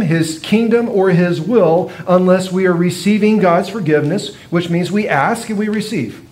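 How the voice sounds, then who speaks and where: Man preaching in a relaxed, chatty way. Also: high voice. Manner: conversational teaching with rhetorical questions. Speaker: pastor. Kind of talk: sermon.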